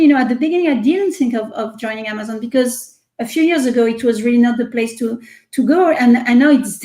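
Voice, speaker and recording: A woman's voice: high-pitched, a little mellow, echoey room, rough recording. A woman with a French accent talking animatedly in a casual interview over a video call, repeating words and using many fillers. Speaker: research executive guest.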